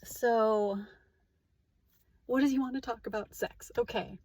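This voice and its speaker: A woman's voice: a little high, steady tone, a little slow, a little mellow, no room sound. A woman vlogger talking in a casual, candid, rambling monologue, full of "like" and restarts. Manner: rambling and candid, heavy use of "like".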